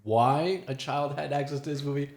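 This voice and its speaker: A man's voice: on the high side, normal speed, darkish tone. A man from Miami with a Miami accent, a podcast co-host telling rambling, jokey stories in casual chat. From Miami, United States. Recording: roomy echo.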